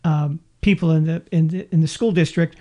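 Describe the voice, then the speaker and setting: A man's voice: on the high side, fairly even intonation, normal speed, dark tone. Chatty storytelling man. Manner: chatty storyteller, acts out quotes with laughs. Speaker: podcast co-host. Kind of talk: casual chat.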